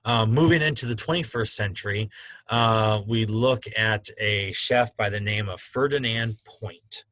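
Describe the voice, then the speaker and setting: A man's voice: on the low side, a little slow, a bit bright, no echo, rough recording. A man teaching a culinary school class in a casual, conversational lecture with frequent fillers. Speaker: culinary instructor.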